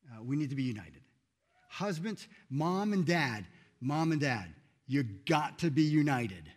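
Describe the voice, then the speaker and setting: A man preaching a sermon in a church, earnest and emphatic, rising loud then dropping soft. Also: a little high, very animated, measured pace. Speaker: pastor.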